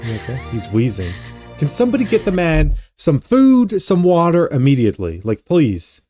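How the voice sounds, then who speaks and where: A young man hosting an anime reaction video, talking casually with animated exclamations and stammered repeats. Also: on the high side, normal speed, soft background music.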